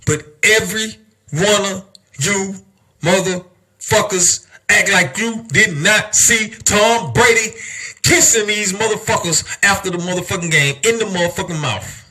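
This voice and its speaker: Young male podcast host, emphatic and heated, with a bright, sharp, husky tone. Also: high-pitched, unhurried. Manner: heated, emphatic, heavy cursing, rhetorical questions. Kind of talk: profane rant on a podcast.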